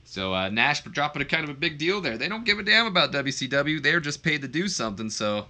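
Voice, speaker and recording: Brisk and sing-song, this man's slightly high voice has a sharp tone. He's a let's play commentator tossing out chatty, offhand remarks on a wrestling simulation game, peppered with fillers and asides.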